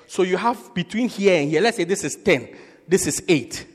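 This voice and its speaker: A male pastor preaching in a big, echoing church hall. His voice sits very high, and his pitch swings widely as he jokes with the crowd. He acts out little quotes and breaks into sudden shouts. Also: moderate pace, husky. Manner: animated and joking, with acted-out quotes and sudden shouts. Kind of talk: lively sermon. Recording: reverberant hall.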